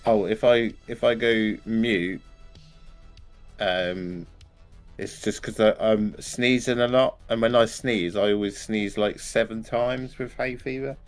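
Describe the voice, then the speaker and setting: An adult man on a voice call during a live gaming stream, chatty and quick to laugh while telling stories. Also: fairly low pitch, fairly even intonation, faint music behind. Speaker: guest co-player on a voice call. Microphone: headset on a voice call.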